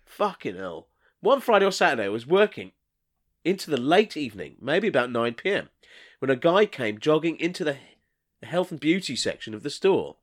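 A man banters on a comedy podcast and reads listener letters aloud, sweary and teasing. His voice sits a bit high and moves in lively swings. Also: moderate pace. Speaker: podcast co-host.

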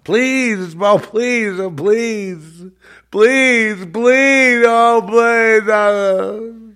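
A man's voice: high voice, drawn-out words, a bit bright, clean tone, voice pushed up, heavily acted. A man putting on a weeping male churchgoer who whines and pleads over and over. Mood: pleading.

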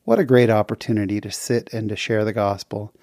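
A man from the western United States hosting a podcast, earnestly retelling a faith story with lively jumps in pitch. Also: fairly quick, no echo, studio quality. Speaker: podcast host.

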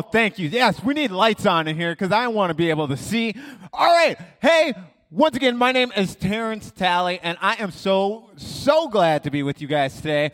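A man giving a motivational talk at a school assembly, energetic and loud at first, then lowering his voice and growing earnest. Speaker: motivational speaker and author.

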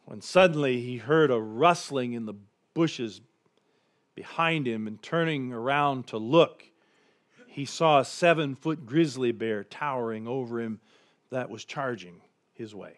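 Here a pastor, a man with a medium-pitched voice and a measured pace, gives a reflective message. He repeatedly lowers to a hush while a joke story escalates in intensity.

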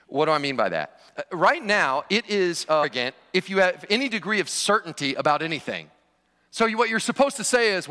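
Pastor, man, informal preacher who jokes with the room; sharp, bright tone. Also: sits high, animated, fast talker. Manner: conversational preaching with joking asides. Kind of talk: sermon. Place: church sanctuary. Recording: long reverb of a large hall.

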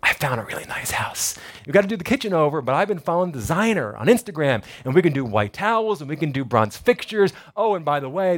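A man voicing an excited young woman who is planning her wedding, talking in a chatty, gushing way. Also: medium pitch, natural voice.

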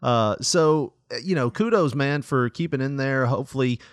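A man's voice: medium pitch, normal speed, no room sound, studio quality. A man hosting a podcast in loose, rambling casual chat, laughing often. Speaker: podcast host.

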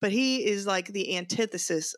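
Lively woman podcast co-host. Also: medium pitch, dry recording, studio quality. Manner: animated, quick, laughs often. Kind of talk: casual chat.

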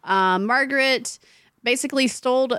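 A woman co-hosts a podcast in easy, agreeable chat and reacts quickly to her partner. Her voice sits a little high for a woman. The recording is dry, with no room sound. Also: sharp tone, clear, resonant tone, no echo. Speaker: podcast co-host. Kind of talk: casual chat.

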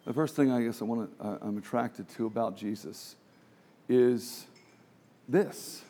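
A man's voice: mid-range voice, unhurried, dark tone. A man preaching a sermon, emphatic and full of rhetorical questions, sometimes dropping to a near whisper.

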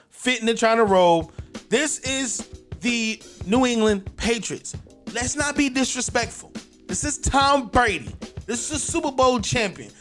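On his solo sports podcast, a man with a high-pitched, slightly bright voice runs through his football picks. His delivery is brash, punchy and repetitive.

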